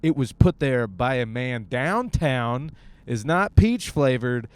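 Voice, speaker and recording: A man's voice: mid-range voice, lively intonation, takes it slowly, clear, resonant tone, no echo. A young man from Michigan, a stand-up comic hosting a casual podcast, rambling and joking alone on his way to the gym. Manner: jokey, riffing, acts out bits. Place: car on the way to the gym.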